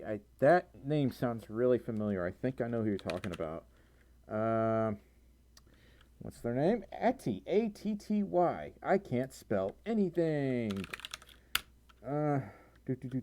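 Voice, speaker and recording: A man's voice: mid-range voice, warm tone, slight background noise. A young man livestreaming, reading out donations and chat messages in a rambling way with lots of fillers, tired and sore-throated with a recurring cough. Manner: rambling, many fillers, stumbles over reading.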